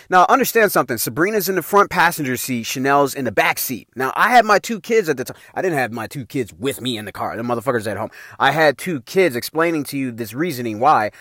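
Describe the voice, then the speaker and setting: A middle-aged man hosts his own podcast, telling a personal story in animated, profane street slang. His voice is medium-pitched, and the studio-quality recording has no room sound.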